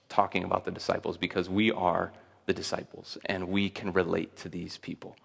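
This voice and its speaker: A man preaching a sermon to a congregation, telling stories with lively acted-out quotes and frequent laughs. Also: on the low side, vocal fry. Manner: animated storytelling, acts out quotes, laughs often. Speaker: pastor. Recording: preached in a reverberant hall.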